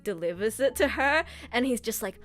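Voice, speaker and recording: A woman voice actress chatting casually on a livestream, excitable and gushing, laughing often. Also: fairly high pitch, normal speed. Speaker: streamer and voice actress.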